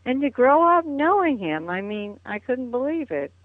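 A woman's voice: sits high, sing-song, moderate pace, dry recording. An older woman reminiscing as a guest in a phone interview, chatty and laughing often. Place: at home on a phone call. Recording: tinny dry phone line.

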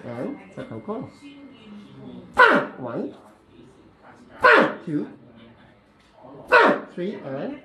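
A man's voice: fairly high pitch, roomy sound, very noisy. Malaysian man counting through a treatment. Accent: Malaysian English. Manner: counts aloud and adds playful sound effects. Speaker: bone-setting practitioner. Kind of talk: commentary while treating a patient.

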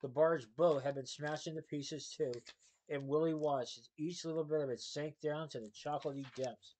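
A man's voice: fairly high pitch, fairly even intonation, moderate pace, darkish tone, low-quality recording. A man reading a children's novel aloud in a plain way, with small slips and self-corrections. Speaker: storybook reader.

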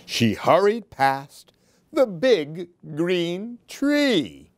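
A woman reading picture books aloud to children in a slow, expressive, sing-song way. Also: lowish voice. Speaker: storyteller.

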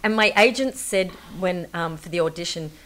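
A woman tells anecdotes on a talk show. Her voice sits a little low, and she often laughs as she talks, filling her stories with ums and you-knows. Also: moderate pace, a bit bright. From Australia. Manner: chatty, laughing storyteller, many fillers. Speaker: guest actress.

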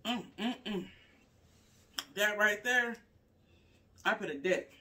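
Slow, bright-voiced woman eating on camera. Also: medium pitch. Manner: savoring food with frequent mm sounds, talking with mouth full; relaxed, chatty, addresses viewers as y'all. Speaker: vlogger. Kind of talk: casual live eating vlog.

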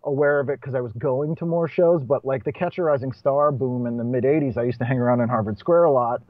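A stand-up comedian from Boston, USA, guests on a podcast in a casual conversational interview, chatty and laughing between points as he restarts his sentences. He talks fast at medium pitch, with no echo but dull, muffled audio.

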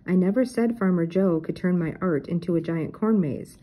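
A woman's voice: medium pitch, moderate pace, slightly rough, highs cut off, close to an everyday voice. A woman reading aloud and voicing a grandiose, self-important male artist in a children's mystery book. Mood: indignant. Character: eccentric pompous male artist.

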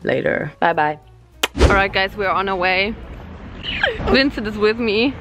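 A woman's voice: medium pitch, expressive, measured pace, over loud music. A young woman talking to a handheld camera in a casual vlog, giggly and self-mocking. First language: German. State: groggy morning voice. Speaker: vlogger.

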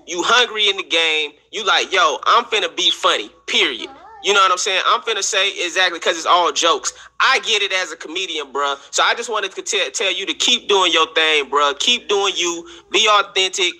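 A man's voice: sits high, lively intonation, moderate pace, bright, forceful tone. A man hosting a comedy showcase over a video call, laid-back and encouraging in casual chat.

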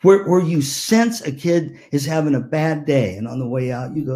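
An older man giving a keynote to music teachers, telling lively anecdotes and acting out the voices of people in them. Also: on the high side, normal speed, hardly any pauses. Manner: animated, acts out voices in anecdotes. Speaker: keynote speaker. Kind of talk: storytelling keynote. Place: virtual conference talk.

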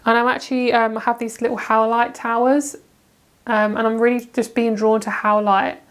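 A young woman with a British accent reads tarot cards in a loose, chatty way. She gushes and breaks into laughter easily, and her voice sits a little high. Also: normal speed. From Britain. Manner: gushing, excitable, bursts into laughter. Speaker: tarot reader. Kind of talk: casual tarot card reading.

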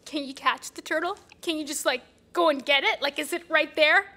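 A woman's voice: high-pitched, brisk, bright, forceful tone. An actress playing an anxious, paranoid woman in her thirties who rambles, apologizes and bursts into rants. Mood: frustrated. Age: 30s.

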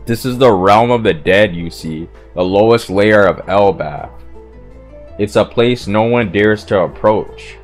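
A man reading the lines of a proud, menacing male giant from a comic, slowly and evenly. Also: fairly low pitch, soft background music, close to an everyday voice. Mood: ominous. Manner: slow, even reading of manga dialogue.

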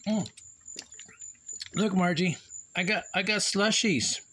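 A man's voice: high-pitched, slow, sharp tone. A man vlogging casually at home, chatting to viewers and teasing his dog in a rambling way. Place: home yard and house, partly outdoors.

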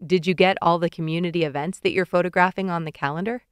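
A woman's voice: on the low side, steady tone, quick pace, smooth, dry recording, studio quality, lightly acted. A woman voicing a tired, good-humored father in an audiobook. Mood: friendly.

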